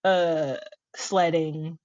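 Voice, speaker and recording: A woman's voice: sits low, extremely slow, muffled recording. A young woman from Connecticut, a podcast guest telling a funny childhood story with lots of laughs and acted-out quotes. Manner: animated, laughs often, acts out her younger self. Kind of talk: casual storytelling chat.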